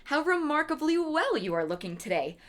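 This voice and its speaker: A woman's voice: sits high, very animated, fairly quick, a bit bright, pitched above the performer's own voice. A woman reading the formal, courteous lines of a scheming wealthy man who feigns polite concern, on a livestream.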